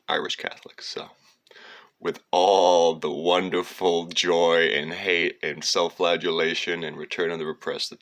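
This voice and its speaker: A man's voice: low-pitched, vocal fry, pushed and bright. A man telling a digressive, profane story in a rambling monologue. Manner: digressive, profane, slips into sung lines and mocking voices.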